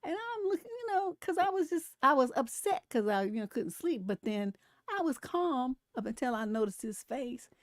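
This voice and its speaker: Her voice sits high and very animated as this middle-aged relationship coach chats on her casual livestream at normal speed. She tells blunt stories laced with swearing and laughter, in clean studio sound without room reverb.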